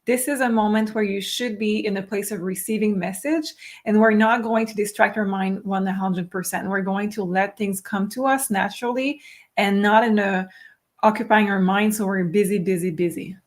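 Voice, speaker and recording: A woman's voice: medium pitch, steady tone, moderate pace. A woman tarot reader who is losing her voice, giving earnest advice in a casual chat and sometimes correcting herself.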